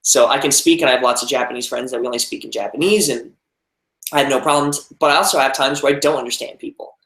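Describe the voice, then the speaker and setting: Speaking fast in a medium, fairly bright voice, a young American man works through viewer comments in a loose live-stream chat. He rambles, restarts, and leans on fillers, and the audio carries a roomy echo.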